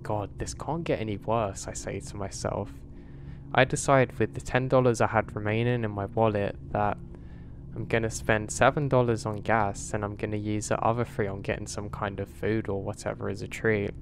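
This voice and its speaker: A man narrating a first-person horror story in a measured, confessional way. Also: on the low side, flat delivery, gravelly, a little hiss or hum.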